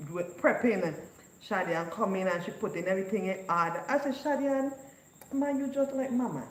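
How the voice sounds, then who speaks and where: A woman, telling casual anecdotes and laughing often. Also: medium pitch. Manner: giggly, animated storytelling. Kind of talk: casual storytelling chat. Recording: echoey room with faint background noise.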